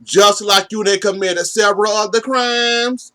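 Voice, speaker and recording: A man's voice: sits high, fairly even intonation, unhurried, pushed and bright. A man recapping a soap opera episode in a casual, sassy way, speaking straight to the characters and teasing them.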